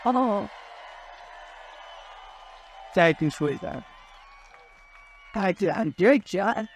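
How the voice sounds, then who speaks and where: On a political rally stage, an older male candidate gives a campaign speech, rambling and repeating himself with boastful asides. His high voice is expressive and extremely slow. A faint crowd can be heard along with a little hiss or hum.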